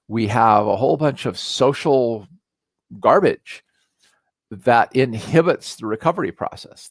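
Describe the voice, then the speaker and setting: Male lecturer, mid pitch, dry close sound, casual and explanatory, slows down for readings. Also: no echo. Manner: reads verse slowly, with deliberate emphasis; explains in a relaxed, conversational way with fillers. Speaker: teacher. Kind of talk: recorded lecture.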